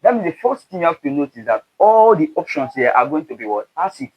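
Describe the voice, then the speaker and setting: A man's voice: a little high, sing-song, fast talker, husky, highs cut off. Man quizzing with "what?". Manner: call-and-response prompting, asks "what?" before each answer. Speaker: chemistry tutor. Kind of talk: exam prep lesson.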